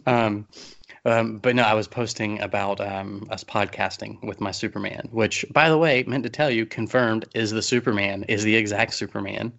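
A man's voice: fairly low pitch, steady tone, moderate pace, creaky, fairly bright tone, lo-fi sound. A man co-hosting a podcast in casual chat, joking and rambling with self-deprecating asides. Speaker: podcast co-host. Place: basement at home.

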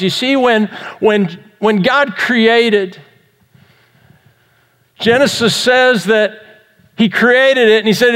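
A man with a high voice delivers an earnest Sunday sermon as the pastor. He keeps asking rhetorical questions as he preaches. His voice rings out with a long reverb, as in a church sanctuary. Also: slow pace, long pauses, a bit bright, clean tone.

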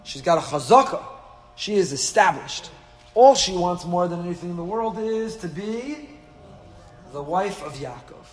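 A man's voice: high-pitched, expressive, normal speed. A man teaching a Torah class, asking rhetorical questions and dropping dry asides. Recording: echoey hall with faint hum.

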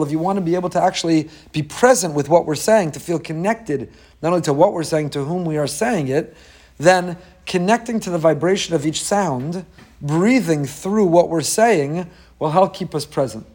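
A man teaching a Torah class in a lively way, often acting out the people he quotes. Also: a little fast. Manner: animated, acts out quoted voices with rising pitch. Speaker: rabbi.

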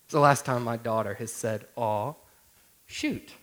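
A man's voice: mid-range voice, fairly even intonation, brisk, a bit bright. A man in his thirties, a pastor preaching a sermon through a humorous personal story, talking to the listeners directly in a conversational way.

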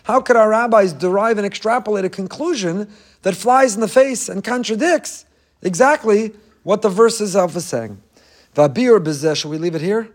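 A man with a high voice preaches a sermon with passion and emphasis. He slips Hebrew phrases into his English. He drives his points home with repetition. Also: moderate pace. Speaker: rabbi.

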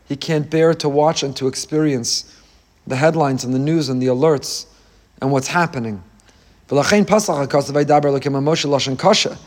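High-voiced man giving an impassioned sermon. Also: darkish tone. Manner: impassioned, repetitive rhetorical cadence. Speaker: rabbi. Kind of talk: Torah sermon on the weekly portion.

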